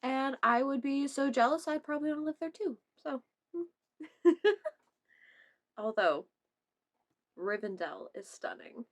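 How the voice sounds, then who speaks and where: Speaking in a high, animated voice, this young woman takes her time and pauses often. She's casually vlogging her reactions to memes, with plenty of laughter, swearing, and playful silly voices.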